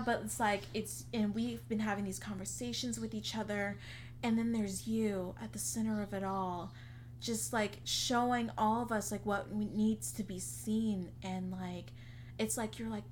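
A woman's voice: medium pitch, slight background noise. A young woman co-hosting a podcast, telling a long story in casual chat, saying "like" a lot and acting out what people said. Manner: chatty, heavy use of "like", acts out quotes. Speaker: podcast co-host.

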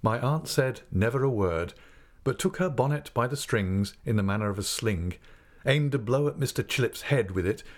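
A man with a mid-range voice narrates a classic novel as a scripted audiobook, using a measured yet expressive storytelling manner.

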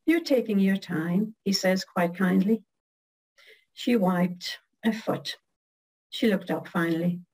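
A middle-aged woman reading her own poem slowly and carefully, then chatting casually as a guest. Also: medium pitch, a little mellow, husky, poor audio. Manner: slow, measured recitation.

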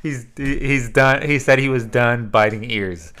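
A man co-hosts a podcast, chatting casually in a loose, rambling way full of fillers and free swearing. His voice is medium-pitched and fairly bright, and he speaks unhurriedly.

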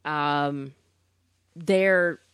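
A woman's voice: low voice, very slow, fairly bright tone, smooth, dry recording. Blunt, profane woman podcaster. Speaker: podcast co-host. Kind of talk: casual chat.

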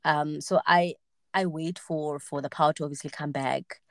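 A woman's voice: deep voice, steady tone, moderate pace, slight background noise. A woman in her late twenties, hosting a podcast and telling a personal story in casual chat, acting out the voices she quotes. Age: 20s. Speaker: podcast host.

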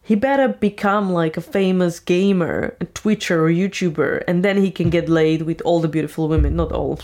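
A woman's voice: on the low side, moderate pace, darkish tone. A woman giving casual, opinionated commentary as a vlogger. She rambles and fills her talk with "like" and "you know", and she is blunt and argumentative.

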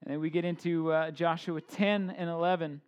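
A man's voice: a little high, steady tone, normal speed, darkish tone, clear, resonant tone, lo-fi sound. A man in his thirties preaching a casual sermon, informal, with joking asides and many fillers and restarts. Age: 30s. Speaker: pastor.

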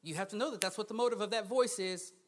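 A man preaching a sermon as a guest speaker, swinging between hushed asides and loud, emphatic bursts and laughing often. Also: high-pitched, fast talker.

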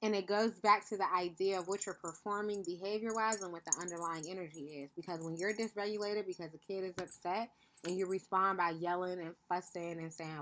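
A woman's voice: fairly low pitch, fairly even intonation, a little fast, fairly bright tone. A woman hosting a podcast, talking through ideas in an earnest, reflective monologue and checking in with listeners with a frequent "right?". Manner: calls listeners "beloved". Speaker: podcast host.

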